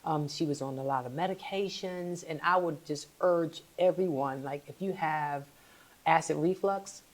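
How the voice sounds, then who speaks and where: A middle-aged woman guest talking casually in an interview, chatty and quick to laugh. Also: low-pitched. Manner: chatty, laughs often, warm asides.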